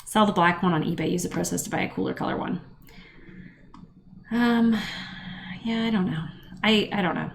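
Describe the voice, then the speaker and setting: Chatty wry woman with gravelly edge. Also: lowish voice, moderate pace, pauses often. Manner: chatty, wry, rambling with asides. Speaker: podcast host. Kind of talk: casual chat.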